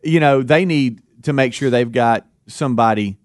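Relaxed radio host. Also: male voice, medium pitch, normal speed, no room sound, clean studio sound. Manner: relaxed, lots of fillers. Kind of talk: casual talk radio chat.

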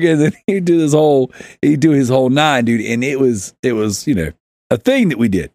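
A podcast host rambles through a funny story in a casual chat, laughing and acting out quotes by shouting them. He has a medium-pitched voice and a quick pace, recorded dry with clean studio sound.

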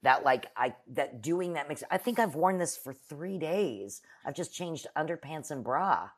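A woman's voice: low-pitched, animated, unhurried. A woman guest in casual chat, frank, salty and self-mocking.

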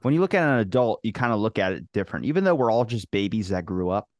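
A man hosting a podcast, telling stories in casual chat, swearing freely and getting animated. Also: lowish voice, quick pace, no echo, studio quality. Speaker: podcast host.

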